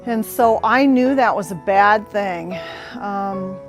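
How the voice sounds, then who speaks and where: A woman's voice: mid-range voice, slow, soft background music. A middle-aged woman giving a conversational personal testimony as a guest, earnest and reflective, with frequent ums and restarts. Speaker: guest telling her personal story.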